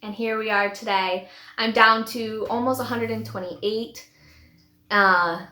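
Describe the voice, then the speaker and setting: A woman in her thirties talks heartfelt and rambling, often restarting her sentences. Her voice sits a bit high, and the room around her rings with echo. She is sharing a personal story as a vlogger. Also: fairly even intonation, measured pace, pushed and bright. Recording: echoey room.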